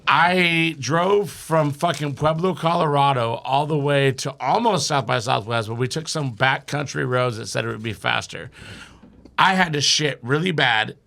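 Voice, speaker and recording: A man guesting on a comedy podcast, telling a story in a profane, animated way and laughing between his sentences. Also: medium pitch, moderate pace, creaky. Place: podcast studio.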